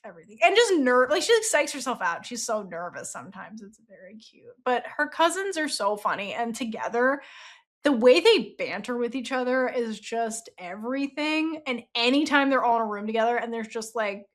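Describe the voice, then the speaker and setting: A woman's voice: a little high, animated, normal speed. A woman hosting a book podcast, chatting casually, laughing often and acting out quotes from the story. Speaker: podcast host reviewing a novel. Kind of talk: casual chat.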